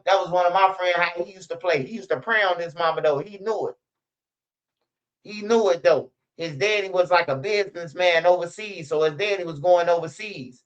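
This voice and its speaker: A man's voice: sits high, moderate pace. A young man, telling stories in a rambling, slang-heavy, profane way as a channel host. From Chicago. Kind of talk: casual storytelling commentary.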